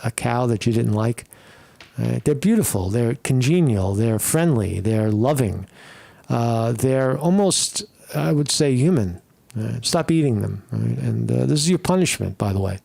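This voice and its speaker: A man hosts a loose solo commentary show from home, talking in a rough, gravelly voice of middling pitch. He rambles, swears freely and restarts his sentences, often tagging them with a quick "right?". The recording is dry, with no room sound around him. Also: darkish tone, dry recording. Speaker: podcast host.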